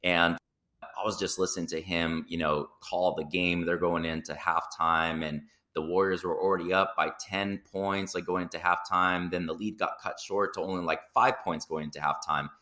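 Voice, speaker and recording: A man's voice: sits low, moderate pace. A man hosting a podcast, chatting casually with his guest and acting out quoted remarks while telling stories. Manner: animated storyteller, acts out quoted remarks. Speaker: podcast host. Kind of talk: casual conversational interview.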